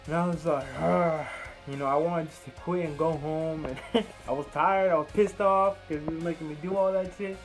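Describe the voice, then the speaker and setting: A young man with a slightly high voice tells a meandering personal story in loose, casual talk. He swears often and slips into quoting himself and others. Clear music runs behind him the whole time. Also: steady tone, moderate pace, poor audio. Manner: rambling, profane, retells dialogue in quoted bursts. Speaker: vlogger.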